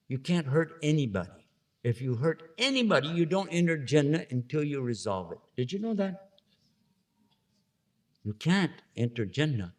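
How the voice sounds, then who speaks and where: A man giving an Islamic lecture to an audience, talking conversationally, asking listeners questions and acting out little scenes in funny voices. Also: a little high.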